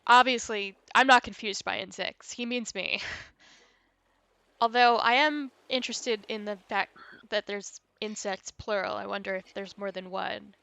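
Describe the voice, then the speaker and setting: Bright-voiced playful woman streamer. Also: medium pitch, steady tone, measured pace, creaky, dry recording. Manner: playful, chatty, teasing her co-host. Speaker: game streamer. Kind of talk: casual let's-play chat.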